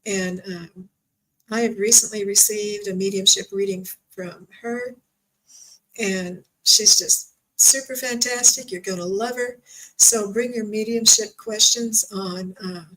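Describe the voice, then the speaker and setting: Lady medium on a live stream, soft and gentle, stretches her words out slow. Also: medium pitch, steady tone, rough recording. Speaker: psychic medium host. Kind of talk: live-streamed spiritual reading.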